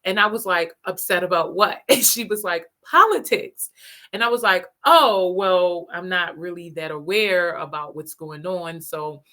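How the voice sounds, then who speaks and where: A woman host casually telling a personal story, animated and laughing often as she talks. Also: fairly low pitch, moderate pace, hardly any pauses.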